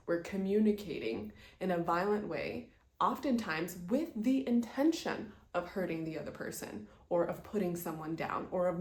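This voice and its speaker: A woman's voice: lowish voice, darkish tone. Earnest woman teaching in an echoey room. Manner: earnest, explaining with example stories. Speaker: presenter teaching communication skills. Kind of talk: instructional video talk.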